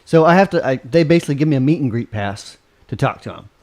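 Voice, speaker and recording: A man's voice: mid-range voice, animated, quick pace, darkish tone. A man co-hosting a podcast in casual chat, joking and chiming in on his partner's stories. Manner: jokey, interjects, fills in a partner's stories. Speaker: podcast co-host.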